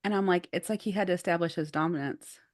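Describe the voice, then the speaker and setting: A woman co-hosting a podcast, telling a story in casual chat with lively, animated delivery and plenty of filler "like"s. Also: lowish voice, fast talker. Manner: animated, acts out quotes, says "like" often. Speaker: podcast co-host.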